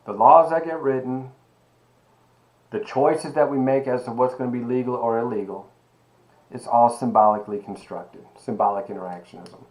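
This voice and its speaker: A man teaching an online sociology lecture, animated and emphatic, asking rhetorical questions and calling his students baby. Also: mid-range voice, moderate pace, rough recording. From Miami. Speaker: sociology professor.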